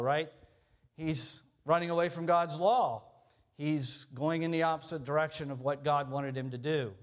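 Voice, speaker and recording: Pastor guy preaching, high voice, chatty and joking with the church. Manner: conversational, joking with congregation. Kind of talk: sermon.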